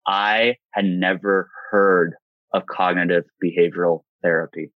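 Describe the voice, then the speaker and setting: A man's voice: low voice, unhurried, no room sound, phone-quality sound. A man in his thirties, a guest in an interview, telling a candid personal story and acting out the voices of the people in it. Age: 30s. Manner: animated storyteller, acts out quotes.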